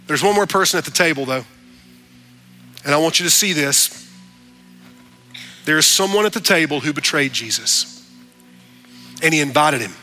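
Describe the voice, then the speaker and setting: Male pastor, radio sermon; animated delivery, sharp bright voice. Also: moderate pace, long pauses, faint music behind. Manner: animated preaching, pitch rising on emphasis.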